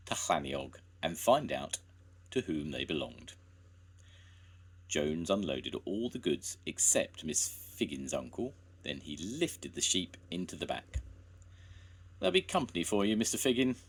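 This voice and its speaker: An older man, a grandfather, reading a children's story aloud in a slow, gentle way. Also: very deep voice, very animated, breathy edge.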